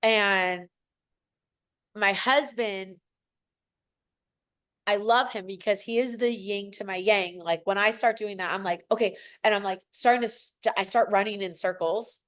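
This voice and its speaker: A woman in her forties, appearing as a podcast guest, shares a personal story in casual conversation, gushing with emotion and acting out what other people said. Her mid-range voice is fairly bright and moves at a measured pace.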